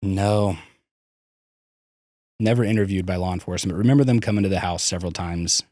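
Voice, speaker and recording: A man's voice: low-pitched, a little fast, darkish tone, dry recording, clean studio sound. A man, a podcast guest, candidly recounting his childhood, swearing freely and restarting his sentences. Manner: frank, swears, hesitant restarts. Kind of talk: candid personal storytelling.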